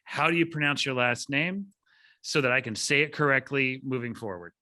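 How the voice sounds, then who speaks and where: A man's voice: medium pitch, normal speed. A man hosting a podcast interview, chatty and upbeat in a casual conversational style. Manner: upbeat, chatty, lively delivery. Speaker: podcast host.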